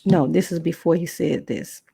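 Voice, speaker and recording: A woman with a fairly low speaking voice tells a personal story as a podcast host. She talks loosely and conversationally, breaking off and restarting, and leaps up in pitch when she acts out what people said. The sound is dry and close. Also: moderate pace, gravelly, slightly rough, no room sound. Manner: animated, acts out quotes with big pitch jumps.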